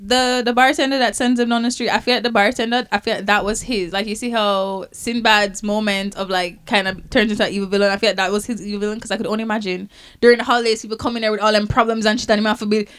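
A woman's voice: mid-range voice, level tone, fast, fairly bright tone, clean tone. A woman co-hosting a casual movie-review podcast, riffing playfully and putting on mock accents. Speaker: podcast co-host.

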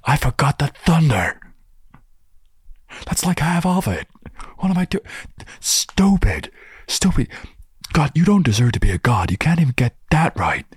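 Frazzled forgetful god guy, a man putting it on, way up high and squeaky, husky edge, yelling at himself. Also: very animated, a little slow, pauses often, no room sound, clean studio sound, heavily acted. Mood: exasperated. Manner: shrill, exasperated self-scolding. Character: flustered forgetful male god, scolding himself.

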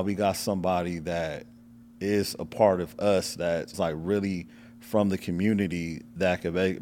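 A man's voice: deep voice, slight background noise. A man interviewing a guest in casual chat, telling stories animatedly and acting out what people said. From American South. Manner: animated storytelling, acts out quotes in a lively voice.

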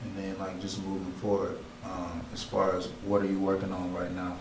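Very deep, flat-voiced male host, far off. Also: normal speed, reverberant, slight background noise. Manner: rambling questions, lots of "right" and "like". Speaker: podcast host. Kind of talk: casual interview. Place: art gallery.

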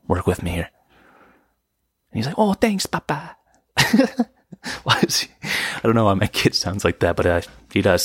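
Husky young man ranting on a podcast. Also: dry recording, studio quality. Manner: exasperated ranting with sudden high-pitched outbursts. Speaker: podcast host. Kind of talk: comedic solo podcast rant. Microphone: podcast microphone.

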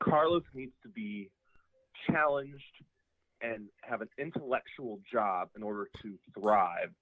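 A man's voice: lowish voice, slow pace, no room sound. A male caller talking in a cocky, brash bro manner. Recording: tinny phone line.

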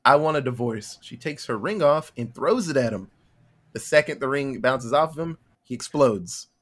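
A man's voice: medium pitch, animated, moderate pace. A young man hosting a podcast, casually retelling a film's plot in a laid-back, swearing manner, often acting out the characters' lines. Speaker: podcast host.

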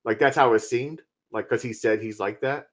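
A man's voice: medium pitch, normal speed. A man in casual conversation, bluntly and profanely retelling scenes from a film. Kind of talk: casual movie review chat.

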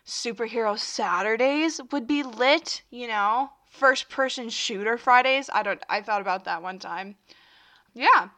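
A woman's voice: a little high, a little slow, pushed and bright. A young woman hosting her own podcast, chatting casually and rambling with lots of fillers while she has the hiccups. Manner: chatty and rambling, many fillers and self-interruptions. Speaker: podcast host. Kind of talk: casual solo podcast chat.

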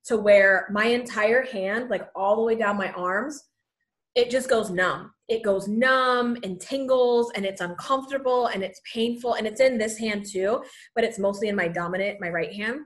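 In a mid-range voice at normal speed, a woman in her thirties who is pregnant talks casually to her viewers with advice. She's encouraging and chatty, a bit out of breath, and says "you know" a lot.

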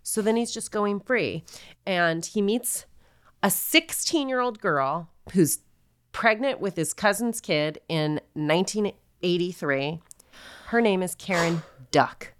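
A woman with a low, smooth voice recounts a crime case in a loose, conversational way, full of fillers and quoted asides. The recording is dry and close, with no room sound. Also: animated, takes it slowly, no echo. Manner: chatty, filler-heavy, quotes people in asides. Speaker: podcast co-host. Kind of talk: casual true-crime storytelling.

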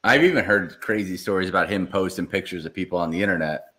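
Easygoing low-voiced podcast host. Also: male voice, fast, a bit bright. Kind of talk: casual interview.

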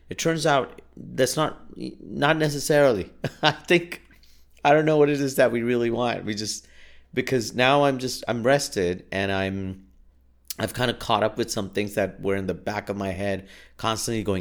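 A man's voice: medium pitch, normal speed. A man hosting a solo podcast from a booth, talking casually in a rambling, self-deprecating way with many restarts. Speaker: podcast host.

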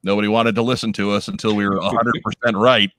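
A man's voice: on the low side, little pitch movement, quick pace, fairly bright tone, no room sound. A man hosting a casual chat show, running through news items in a laid-back, wry way. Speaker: podcast host.

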